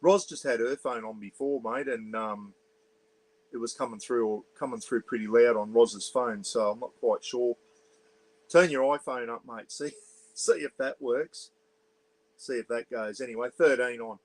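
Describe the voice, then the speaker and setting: A man's voice: medium pitch, steady tone, normal speed, poor audio. An Australian man hosting a casual livestream from a caravan on an iPad, chatting loosely, greeting viewers and reading their comments aloud while keeping his voice down. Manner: keeps voice down for neighbours. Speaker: livestream host. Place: small caravan, indoors.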